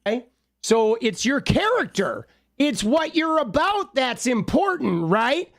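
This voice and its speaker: A woman's voice: sits high, very animated, unhurried. A woman co-hosting political commentary on a livestream, sarcastic and full of rhetorical questions. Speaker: livestream co-host.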